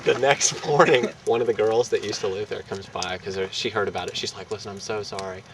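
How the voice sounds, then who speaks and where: A young man telling a rowdy anecdote in casual, profane, animated fashion, laughing between lines. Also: lowish voice, fairly quick. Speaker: storyteller. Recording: distant mic with street and traffic noise.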